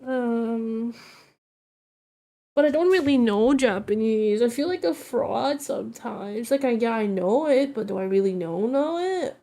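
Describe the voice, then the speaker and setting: A woman's voice: a little high, a little slow, mellow. A woman streamer chatting casually, a little tipsy, rambling and reacting to her chat.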